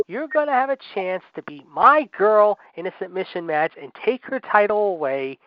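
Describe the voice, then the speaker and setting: Brash, high-voiced man ranting sarcastically. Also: no echo. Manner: brash, sarcastic, swings between loud jabs and low asides. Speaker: wrestling podcast co-host. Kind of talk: opinionated wrestling rant. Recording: dry, slightly dull podcast audio.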